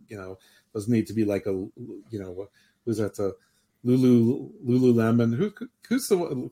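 A man's voice: lowish voice, warm tone, husky. A man hosting a podcast in casual chat, opinionated and rambling, often restarting his sentences. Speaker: podcast host.

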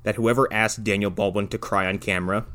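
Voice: deep voice, steady tone, quick pace, fairly bright tone. A podcast co-host giving wry, mocking commentary on a movie. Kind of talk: comedic movie recap.

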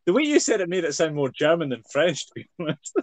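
A man's voice: a little high, big pitch swings, fast, crowd noise. A man with a Scottish accent co-hosting a podcast, teasing and laughing often in casual chat. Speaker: podcast co-host.

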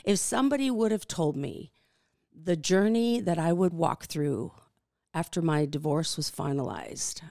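A woman in her fifties speaks with a notably low voice, recorded dry and close with no room sound. She tells her personal faith story as a podcast guest, reflective and halting, often pausing on fillers. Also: expressive, creaky, a little mellow, no echo.

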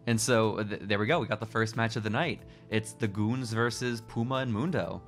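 A man co-hosting a wrestling podcast, chatting casually with quick, laughing bursts. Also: lowish voice, fairly even intonation, fairly bright tone, faint music behind. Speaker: podcast co-host.

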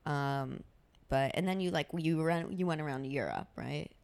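A woman's voice: sits low, normal speed, creaky, darkish tone, clear, resonant tone. A woman in her twenties hosting a podcast, chatting casually with blunt, crude, teasing humor. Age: 20s. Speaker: podcast host.

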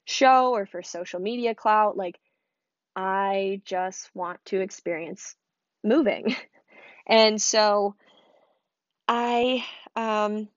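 A woman's voice: mid-range voice, drawn-out words, pauses often, dry recording. Woman, 20s, from Michigan; casual rambling vlog storyteller, leans on "like"; dry, slightly dull recording. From Michigan, USA.

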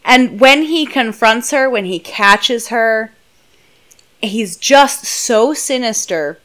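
A woman's voice: a little high, slow. A woman co-hosting a casual book podcast, gushing and acting out quotes from the book. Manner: gushing, animated, acts out quotes. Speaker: podcast co-host.

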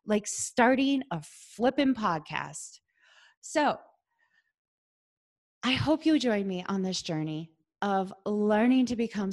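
A woman from the Midwest, hosting a casual solo podcast in a chatty, earnest way, with lots of "like.". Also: a little high. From American Midwest. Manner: chatty and earnest, heavy use of "like". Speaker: podcast host.

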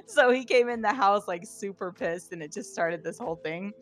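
A woman's voice: mid-range voice, very animated, normal speed, soft background music. Giggly woman telling a story. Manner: giggly storytelling, laughs often. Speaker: podcast co-host. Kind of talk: casual chat.

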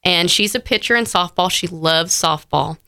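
A woman tells her story to an interviewer, heartfelt and full of fillers. Her voice is bright and clear, a little lower than most, and recorded close and dry. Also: moderate pace, no room sound. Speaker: interview guest. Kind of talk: personal story in conversation.

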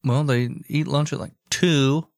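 A man's voice: mid-range voice, a little slow, dry recording, studio quality. A man co-hosting a podcast, teasing and swearing in casual banter. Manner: teasing, profane, animated. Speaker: podcast co-host.

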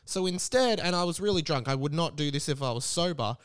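An Australian man in his late twenties telling a casual, rambling story as a podcast host. He is animated and swears freely. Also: on the high side, fairly quick, clear, resonant tone. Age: late 20s.

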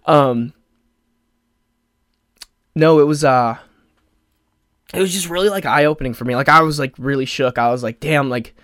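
A podcast host in his twenties talks solo into the mic, his voice slightly higher than most men's. He rambles, says "like" constantly and keeps restarting sentences, at times openly close to tears. The recording is dry, with no room sound.

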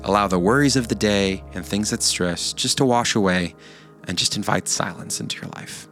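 A man hosting a podcast, giving calm, encouraging closing remarks. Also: lowish voice, moderate pace. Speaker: podcast host. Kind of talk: closing remarks over music. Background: faint guitar music.

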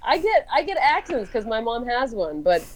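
A woman guest on a radio interview, telling family stories in an animated, laughing way and mimicking her relatives. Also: fairly high pitch, normal speed, a little hiss or hum. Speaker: comedian and singer-songwriter guest. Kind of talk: casual interview storytelling. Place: radio studio.

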